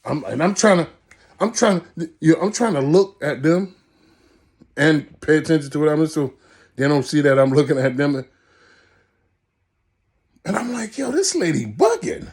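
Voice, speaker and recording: A man hosting a storytelling vlog, animated and laughing as he tells a story and talks to his viewers. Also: fairly high pitch, normal speed. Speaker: podcast host.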